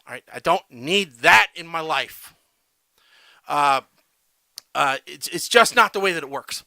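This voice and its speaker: A man's voice: a little high, expressive, unhurried, gravelly, bright, forceful tone, no echo. A man co-hosting a casual podcast, ranting and tagging his points with "all right?". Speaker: podcast co-host.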